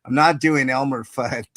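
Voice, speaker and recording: A man's voice: mid-range voice, a bit bright, no room sound. A man hosting a casual podcast, joking and laughing often with his co-hosts. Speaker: host.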